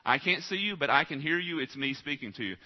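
A man's voice: a little high, lively intonation, fast, muffled recording, pitched above the performer's own voice. A man voicing a fake medium who pretends to be a grandmother's spirit, sweet and coaxing, told inside a sermon.

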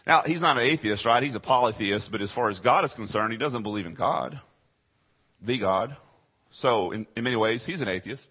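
A man preaching a sermon as pastor, dropping to quiet asides and then rising to loud, emphatic lines. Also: medium pitch, a little fast, slightly rough, highs cut off. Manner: dramatic swings between quiet asides and raised emphatic lines.

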